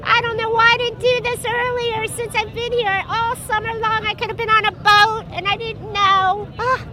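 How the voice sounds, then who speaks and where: A woman voicing an excitable male groundhog mascot who talks in squeaky, giddy exclamations outdoors on a ferry. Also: moderate pace, crowd noise, poor audio. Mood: excited. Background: loud outdoor noise.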